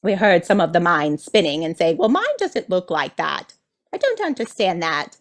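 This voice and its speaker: A woman's voice: fairly low pitch, big pitch swings, moderate pace. Playful woman channeling a collective voice. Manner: playful and enthusiastic, speaks as a collective "we"; teasing, checks in with "do you see?". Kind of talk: channeled spiritual message.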